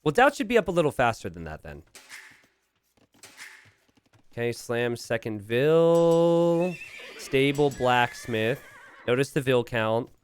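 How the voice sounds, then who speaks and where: A man's voice: medium pitch, very animated, a little slow, slight background noise. A young man from Pennsylvania casting a strategy game on a live stream, rambling casually and chatting with viewers. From Pennsylvania, USA. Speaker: game caster.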